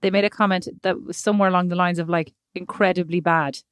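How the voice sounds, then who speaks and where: A woman's voice: on the low side, level tone, very fast, clean tone, dry recording. Teasing woman podcast co-host. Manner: teasing, dry quips. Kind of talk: casual chat.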